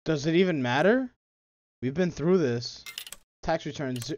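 A man's voice: on the high side, measured pace, pauses often, darkish tone, highs cut off. A young man commentating a video game as a YouTuber, jumpy and muttering, repeating phrases under his breath and breaking into startled outbursts. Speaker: gaming YouTuber. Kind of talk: let's play commentary.

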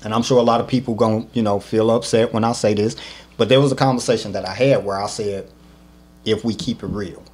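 Man, low voice, podcast host, animated storyteller, casual chat. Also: a little fast.

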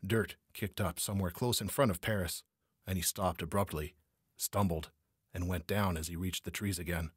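A man narrating a noir crime story as an audiobook reader, measured and steady. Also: low-pitched, breathy edge, no echo, studio quality.

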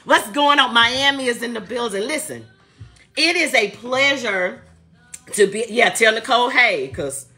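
A woman hosts a live podcast, loud and playful, saying she is tired as she greets viewers by where they are watching from. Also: fairly high pitch, lively intonation, measured pace, faint music behind. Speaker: podcast host. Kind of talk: casual live-stream chat.

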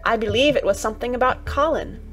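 A woman voicing an eager, curious young girl in an audiobook reading, her words crisp, with faint music behind. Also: a little high, fast talker, a bit bright, voice pushed up, close to an everyday voice.

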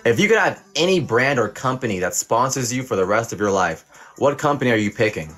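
A young man's mid-range, slightly bright voice comes across animated and brisk. On his livestream he pretends to be a teacher, reading chat and giving playful, profane verdicts of pass or fail.

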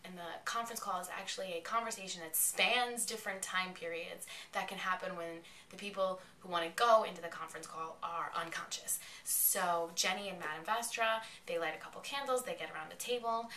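A woman giving a chatty, excited recap of a television episode. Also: on the low side, brisk, slight background noise. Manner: excitable, chatty retelling with quoted lines. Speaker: vlogger reviewing an episode. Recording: echoey room, mic at a distance.

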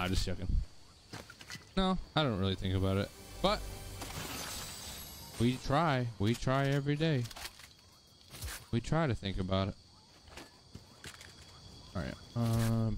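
A man's voice: mid-range voice, animated, moderate pace, long pauses, noisy background. A young man streaming a shooter game, chatting casually and joking with his viewers. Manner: laid-back, rambling, joking with chat. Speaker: gaming streamer. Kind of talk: casual live-stream chat while playing. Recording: game sounds underneath.

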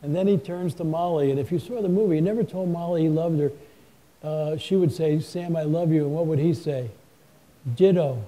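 A man with a very dark, mellow, somewhat higher voice, spinning folksy anecdotes in a live onstage talk. He acts out quotes as he goes and drifts between loud and quiet. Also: a little fast, low-quality recording. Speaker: guest author. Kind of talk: live stage conversation, storytelling.

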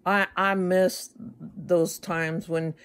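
A woman's voice: lowish voice, flat delivery, drawn-out words. A middle-aged woman from the United States chatting casually to her viewers, rambling with stammered restarts and wry asides. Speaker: vlogger. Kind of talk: casual chat to camera.

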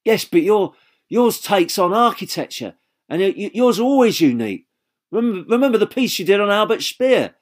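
A man voicing a decent husband who speaks gently and reassuringly, in an audiobook. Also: high voice, very animated, normal speed, voice pushed up.

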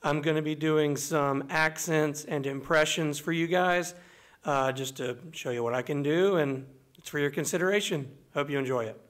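A man's voice: a little high, moderate pace, a bit bright. A voice actor introducing his demo reel in a friendly, upbeat way.

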